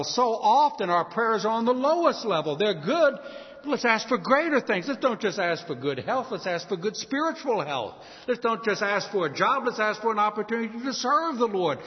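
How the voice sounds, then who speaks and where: A man preaching a sermon, emphatic, slowing down and lifting his voice on key words. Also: high voice. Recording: dull sound with long hall reverb.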